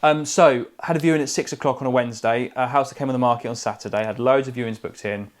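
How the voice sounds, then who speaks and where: A man's voice: mid-range voice, fast. A man, an estate agent, telling a clipped, chatty story while co-hosting a podcast from a living room. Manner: chatty anecdotal storyteller, drops subjects from clipped sentences. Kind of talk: casual storytelling chat.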